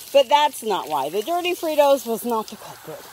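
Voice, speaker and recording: A woman's voice: fairly high pitch, a little mellow, slight background noise. A woman chatting casually to her viewers while bathing her dog outdoors, coaxing him in a sing-song voice. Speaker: dog owner vlogger. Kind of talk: casual vlog narration. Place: outdoors by a pool.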